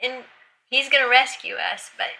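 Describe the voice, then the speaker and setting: Speaking at a moderate pace with vocal fry, a middle-aged woman delivers a bright, forceful account of an emotional story as a podcast guest. Her pitch jumps when she quotes others in the casual conversation. The recording quality is low.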